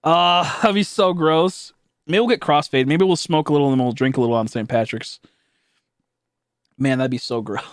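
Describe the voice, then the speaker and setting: A man's voice: on the high side, moderate pace, clear, resonant tone, dry recording, studio quality. A young man streaming live, chatting casually and rambling with lots of swearing, fillers and restarts while he thanks viewers.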